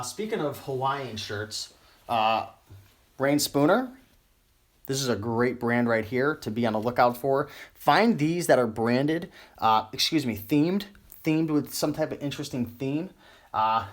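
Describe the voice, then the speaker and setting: Young adult man, casual live-stream host, loose rambling delivery, slightly tired voice. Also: mid-range voice. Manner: rambling, many fillers and self-corrections. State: losing his voice. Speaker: online clothing reseller. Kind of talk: live-stream tips chat.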